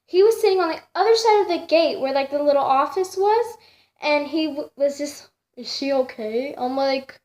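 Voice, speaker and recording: High-voiced young woman rambling through a story. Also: expressive, moderate pace, darkish tone. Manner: rambling, many fillers and restarts. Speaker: vlogger. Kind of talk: casual storytelling.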